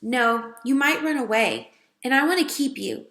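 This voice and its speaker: A woman's voice: sits high, animated, normal speed, fairly bright tone, pitched above the performer's own voice. A woman voicing a curious, doubtful young boy who hesitates before answering. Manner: incredulous, hesitant. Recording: roomy echo.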